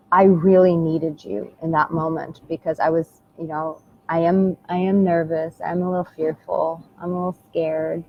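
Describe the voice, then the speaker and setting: An American woman coach speaking earnestly and intimately to the camera, repeating her phrases and calling the listener "my darling". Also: on the low side. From United States. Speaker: dating and relationship coach. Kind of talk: heartfelt motivational talk to camera. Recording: dull lo-fi sound with faint background hiss.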